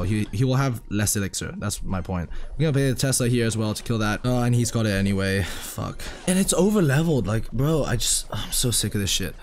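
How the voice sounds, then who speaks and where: A man giving casual gameplay commentary, ranting and swearing in a fast, offhand manner. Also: mid-range voice, a little mellow. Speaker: gaming channel host.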